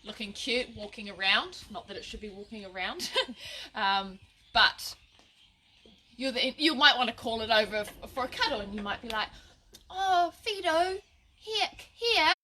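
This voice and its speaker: A woman's voice: medium pitch, expressive, normal speed, pushed and bright, slight background noise. A woman giving a casual, chatty dog-training lesson on a live video, with frequent restarts and laughter at her own slips. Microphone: phone or camera at a short distance.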